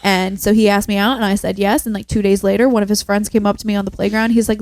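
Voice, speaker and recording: A young woman co-hosting a podcast, telling stories in relaxed, matter-of-fact casual chat. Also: mid-range voice, quick pace, hardly any pauses, no echo. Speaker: podcast co-host.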